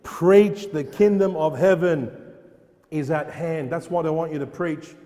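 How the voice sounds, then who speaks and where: Fervent high-voiced man preaching. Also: unhurried, mellow, big-room sound. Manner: fervent, repeats phrases and asks rhetorical questions. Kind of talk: sermon. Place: church.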